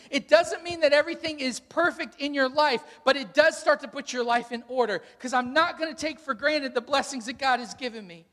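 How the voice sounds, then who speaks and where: High-pitched guy preaching, pushy and emphatic, lots of rhetorical questions, big reverby hall. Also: brisk, few pauses, pushed and bright. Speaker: pastor. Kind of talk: sermon.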